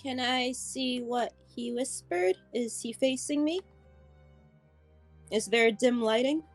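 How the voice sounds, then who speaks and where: A woman playing a tabletop game, speaking tentatively and softly. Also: a little high, slow pace, soft background music. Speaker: player.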